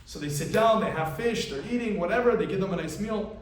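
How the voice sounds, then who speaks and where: Animated rabbi in a booming echoey hall. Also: male voice, brisk. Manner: animated storyteller who acts out the characters in the tale. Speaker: rabbi giving a weekly class. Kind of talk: storytelling sermon. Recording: very echoey room, voice from far off, faint noise.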